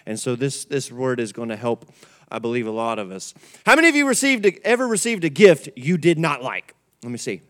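A man's voice: medium pitch, expressive, a little fast. A male pastor preaching a conversational midweek sermon in church, repeating key words and calling on the congregation to answer. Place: church sanctuary.

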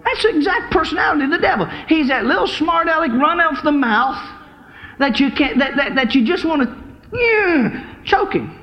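A man's voice: very high-pitched, expressive, moderate pace, lo-fi sound. A man preaching a fervent sermon at a church service, exhorting the congregation.

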